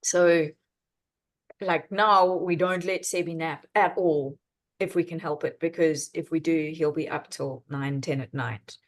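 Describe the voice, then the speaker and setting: A woman, a mother, telling a story in a lively, laughing way on a video call. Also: low-pitched, measured pace. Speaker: parent on a coaching call. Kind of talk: casual chat.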